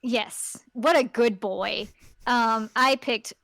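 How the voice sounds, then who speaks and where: A woman's voice: fairly high pitch, slow pace, vocal fry, fairly bright tone, dry recording. A woman co-hosting a podcast in casual chat, talking in a chatty way and playfully acting out characters she quotes. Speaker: podcast co-host.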